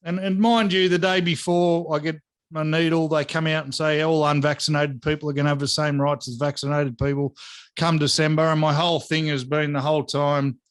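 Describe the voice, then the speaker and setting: A man co-hosting a podcast in casual chat, telling a story in an animated, profane way and acting out the dialogue. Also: a little high, fairly quick, clean tone. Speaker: podcast co-host.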